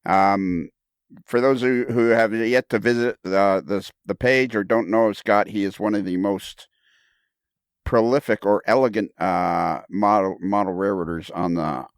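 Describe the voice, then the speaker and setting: A man hosting a casual podcast conversation, enthusiastic and quick to laugh, often repeating his words, heard on a close mic. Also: fairly low pitch, steady tone, smooth, no echo. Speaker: podcast host.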